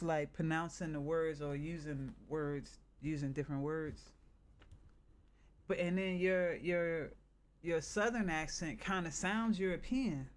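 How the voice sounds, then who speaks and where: A man from the northern United States, chatting casually on a live stream and thinking out loud in a halting, rambling way. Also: on the high side.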